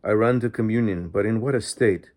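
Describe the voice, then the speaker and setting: A man's voice: on the low side, fairly quick, darkish tone. A man narrating a diary in the first person, reading steadily and earnestly as an audiobook narrator.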